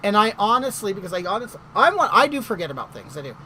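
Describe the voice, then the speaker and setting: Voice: mid-range voice, big pitch swings, fast, sharp tone, low-quality recording. Middle-aged vlogger dishing gossip, voice swoops all over, a bit indignant, faint hiss behind. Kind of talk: casual storytelling chat.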